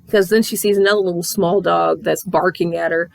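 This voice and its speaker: A woman reviewing a comic in casual chat, animated and swearing freely as she recaps the story. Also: fairly low pitch, a little fast, vocal fry.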